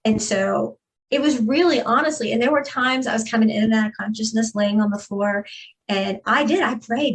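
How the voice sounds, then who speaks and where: A woman's voice: fairly high pitch, moderate pace, poor audio. Earnest woman sharing her testimony. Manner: earnest, candid, speaks with many fillers. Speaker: guest. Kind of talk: personal testimony in interview.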